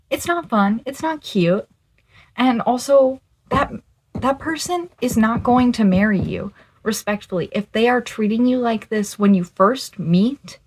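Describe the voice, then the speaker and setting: A young woman in her twenties recounts a bad date in a casual storytime vlog. She talks in an exasperated, animated way, with sudden high jumps in pitch when she gets indignant. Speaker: vlogger.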